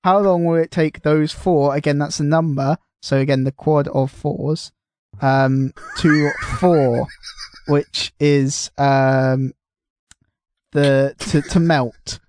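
A man's voice: on the high side, fairly even intonation, slow, a little mellow, clear, resonant tone. A man co-hosting a casual podcast, reading out listener questions and stumbling over his words, mocking himself as he goes. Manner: self-mocking, trips over words with 'th' sounds. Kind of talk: casual chat.

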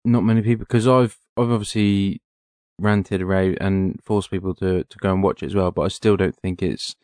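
A man's voice: sits low, fairly even intonation, moderate pace, a little mellow, no echo, studio quality. A man co-hosting a casual podcast, giving sarcastic, ranting answers. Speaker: podcast co-host. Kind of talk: casual chat.

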